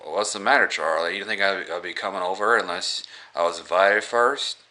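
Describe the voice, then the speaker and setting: A man retelling a film scene and quoting a smooth, menacing male vampire in a near-everyday voice. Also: deep voice, moderate pace, sharp tone. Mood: mocking.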